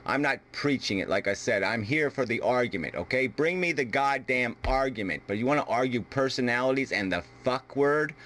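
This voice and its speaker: A man's voice: medium pitch, animated, moderate pace, hardly any pauses, a bit bright. A man from the United States arguing heatedly in a video debate, combative and full of profanity. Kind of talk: heated argument.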